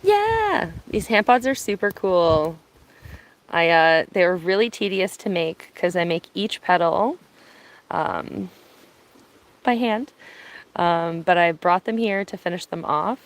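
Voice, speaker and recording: A woman from Ontario chatting casually on an outdoor live stream, speaking softly, answering viewers and laughing easily, filming on her phone. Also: lowish voice, unhurried, long pauses, low-quality recording. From Ontario, Canada. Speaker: live-streaming bird watcher. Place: outdoors at a cottage. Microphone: phone on binoculars, held by hand.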